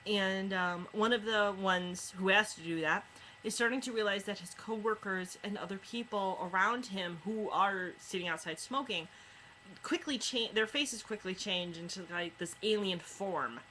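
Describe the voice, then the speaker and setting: Bright-voiced woman reviewing books. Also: medium pitch, normal speed, slight background noise, rough recording. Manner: chatty retelling with many fillers. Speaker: book reviewer. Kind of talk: casual book review.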